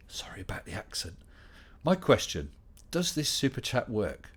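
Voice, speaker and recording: A man's voice: mid-range voice, wildly swooping pitch, normal speed, a bit bright, husky, in a whisper. A middle-aged man hosting a casual live Q&A stream, chatting and reading out viewer questions with dry humor.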